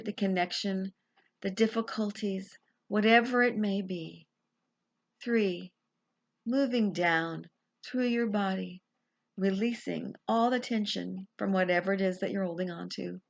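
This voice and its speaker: A woman life coach speaking slowly and soothingly as she leads a guided meditation. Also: medium pitch, dull audio.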